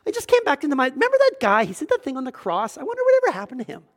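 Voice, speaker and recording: A man doing a casual, joking Jesus, high and airy voice, quick and offhand, lively swoops. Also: exaggerated voice. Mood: breezy. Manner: light, joking, conversational. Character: breezy, chatty male Jesus, casual and offhand.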